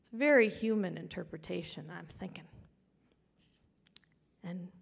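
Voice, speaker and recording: A woman gives a personal testimony in an earnest voice with a gravelly edge. She often drops into a hushed whisper. Her voice rings out with the long reverb of a large hall. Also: fairly low pitch, measured pace. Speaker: speaker sharing her testimony.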